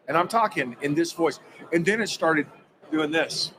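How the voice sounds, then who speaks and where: Excitable man telling a story. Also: on the high side, normal speed, a little hiss or hum, poor audio. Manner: acts out quoted dialogue, excitable, emphatic. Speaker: guest recounting a personal experience. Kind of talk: animated spoken storytelling.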